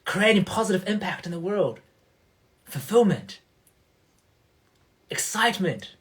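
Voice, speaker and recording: Male coach, slightly high voice, emphatic and motivational, livestream host who keeps checking in with his audience. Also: very animated, a little slow, a bit bright.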